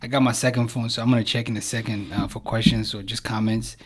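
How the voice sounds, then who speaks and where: A young man from Cameroon hosting a casual podcast interview, relaxed and encouraging, with frequent affirmations. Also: fairly low pitch, quick pace, slight background noise. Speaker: podcast host.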